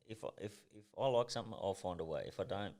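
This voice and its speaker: A man in his thirties from Tasmania with a strong Australian accent, speaking in a very low, heavy voice. He tells stories bluntly and intensely, with swearing in nearly every line, in a casual podcast chat. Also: quick pace, a little mellow. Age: 30s. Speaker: guest, professional boxer.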